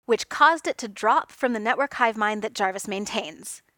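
Brash, impatient inventor guy, snappy and loud, pitched a touch high, read by a woman. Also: very animated, moderate pace, dry recording, studio quality. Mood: exasperated. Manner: snappy and exasperated. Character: brash, impatient genius inventor, adult man.

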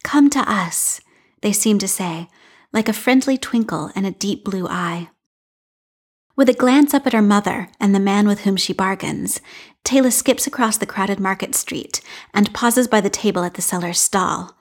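A woman reading a fan fiction story aloud in a calm, measured narration. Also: mid-range voice. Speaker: reader.

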